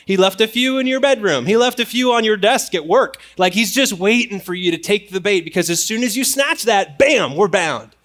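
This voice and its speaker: A young man preaching a sermon in church, animated and acting out quotes. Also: high-pitched. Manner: animated, acts out voices and quotes. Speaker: pastor.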